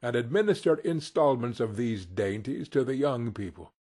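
A man narrating an audiobook with expressive storytelling. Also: mid-range voice, moderate pace. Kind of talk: scripted narration.

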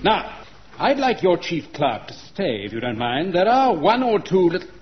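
An actor playing an indignant, fussy bank inspector from head office in a radio comedy, recorded with a muffled sound. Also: male voice, high-pitched, big pitch swings, normal speed, a crowd in the background. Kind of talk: 1970s radio comedy acting.

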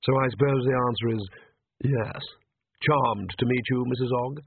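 A man's voice: mid-range voice, fairly even intonation, dry recording. A man voicing a polite, coolly menacing young male vampire, on a tinny phone-like recording. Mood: suave. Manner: slow, smooth and polite. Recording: tinny phone-like dry audio.

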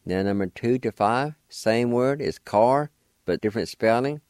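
This middle-aged man, medium-pitched with lively intonation and a darkish tone, teaches vocabulary over the radio. Recorded dry in studio quality, he moves slowly and deliberately, spelling each word letter by letter.

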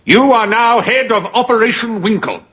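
An actor playing a blustering, pompous older army general who booms and shouts excitably. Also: male voice, moderate pace. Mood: brisk. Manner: loud, booming, excitable.

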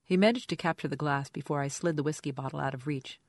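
An audiobook narrator voicing a drunk, drugged young man who talks slowly, mumbling and sulky. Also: medium pitch, no room sound, clean studio sound, lightly acted. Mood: wheedling. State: drunk and slurring. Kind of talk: audiobook character voice.

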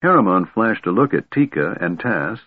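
A man narrating a fantasy novel aloud in a measured, steady storytelling manner. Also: on the low side. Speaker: audiobook narrator. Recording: tinny narrow-band recording.

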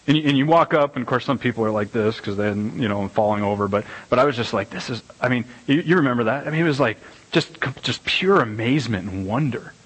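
A middle-aged pastor gives a casual sermon in a slightly husky voice. He talks in an animated, rambling way and often repeats words and restarts his sentences. His pitch sits in an ordinary middle range for a man. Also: fast talker, poor audio. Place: church sanctuary.

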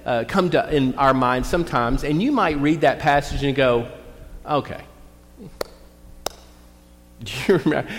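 A male pastor gives a relaxed, folksy sermon at a middle pitch. He reads the scripture slowly and deliberately, and his voice trails into a long church reverb. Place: church sanctuary.

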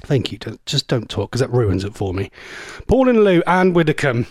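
A man's voice: medium pitch, big pitch swings, normal speed, husky, dry recording, studio quality. A man, hosting a radio show in a jokey, chatty way and slipping into silly impressions. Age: 40s. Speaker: radio presenter. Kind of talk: casual radio chat.

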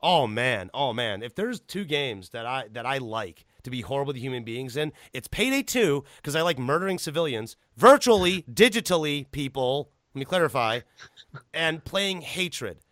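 A man hosting a casual chat, ranting animatedly with a lot of swearing, and jumping to high pitch when he stresses a point. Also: big pitch swings, normal speed, a bit bright, dry recording, clean studio sound.

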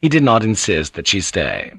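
A middle-aged man narrating a novel in a measured, dramatic, rhythmic reading. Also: fairly low pitch, huge pitch swings, gravelly, pushed and bright, slightly rough, no echo. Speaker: audiobook narrator. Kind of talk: scripted narration.

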